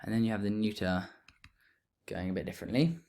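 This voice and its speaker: A man explaining grammar in a relaxed lesson, thinking aloud as he writes notes. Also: on the low side, a little fast. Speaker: teacher.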